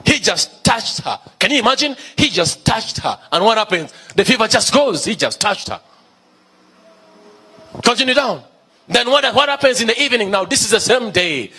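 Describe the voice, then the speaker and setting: A man's voice: high-pitched, big pitch swings, moderate pace, bright, forceful tone, slightly rough. A male pastor preaching a sermon, emphatic, repeating key phrases and asking the congregation questions.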